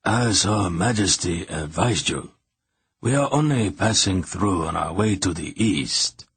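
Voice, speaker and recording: Brief: narrator as level-headed king, quiet deep husky voice. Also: measured pace, exaggerated voice. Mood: calm. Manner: calm.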